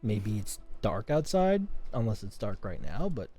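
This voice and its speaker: Casting: male player, hesitant, lively pitch, music clearly behind. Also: measured pace. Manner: hesitant, thinking aloud. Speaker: tabletop game player. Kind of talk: casual game talk.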